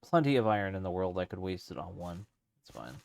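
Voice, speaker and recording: Gravelly low-voiced male streamer. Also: lively intonation, fast. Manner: rambling, thinking aloud with many fillers and restarts. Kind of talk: casual let's-play commentary while gaming.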